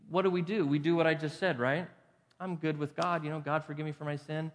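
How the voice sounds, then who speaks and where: A man preaching a sermon in a church sanctuary, his voice set a little higher than most. He talks in a conversational way, firing rhetorical questions at the congregation and repeating lines for weight. A long, lingering hall reverb trails each phrase. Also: fairly quick. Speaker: pastor.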